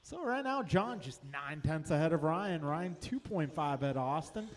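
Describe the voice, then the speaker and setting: Race announcer, male, fairly high voice, brisk calls of lap times, echoing venue with faint hum. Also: lively intonation. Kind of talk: race commentary.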